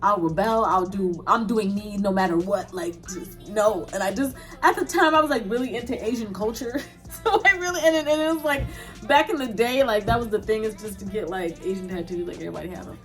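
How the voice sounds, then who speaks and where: A young woman vlogger answering viewer questions in a candid, casual chat, laughing often and dropping in quick asides. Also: medium pitch, faint music behind.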